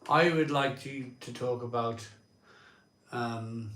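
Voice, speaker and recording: A man's voice: medium pitch, slow, fairly bright tone. A man co-hosting a live stream, chatty and insistent in friendly banter. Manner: chatty, insistent, laughs easily. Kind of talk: casual banter over drinks. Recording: echoey room.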